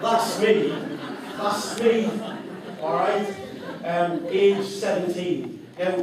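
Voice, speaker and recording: A motivational speaker tells a personal story to a live audience in a large hall, animatedly acting out an auctioneer's patter. His voice is on the high side, picked up from far off in an echoey hall with slight background noise.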